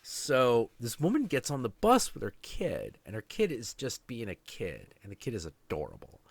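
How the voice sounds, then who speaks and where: A man's voice: medium pitch, wildly swooping pitch, moderate pace, gravelly, no echo. A man in his late twenties, hosting a podcast, telling a story in casual chat with plenty of swearing and ranting. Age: 20s. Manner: profane, ranting, confrontational. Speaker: podcast host.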